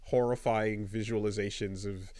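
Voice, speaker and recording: A man's voice: lowish voice, fairly even intonation, moderate pace, darkish tone, no room sound. A man co-hosting a podcast, laid-back and chuckling, often restarting his sentences. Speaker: podcast co-host. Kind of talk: casual chat.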